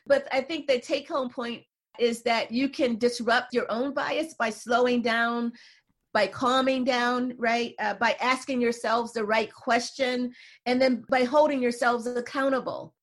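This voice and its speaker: Una mujer invitada a una entrevista, autora y psicóloga, que explica sus ideas con calma y repite a menudo "you know" y "right". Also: female voice, on the high side, unhurried. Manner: thoughtful, explanatory, says "you know" and "right" often. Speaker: guest, psychologist and author. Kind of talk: conversational interview.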